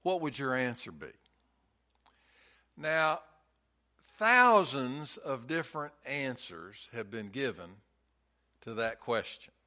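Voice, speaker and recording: A man's voice: medium pitch, animated, slow pace, long pauses, bright, forceful tone. A man preaching a sermon in a folksy storytelling way, hammering points home with emphatic repetition.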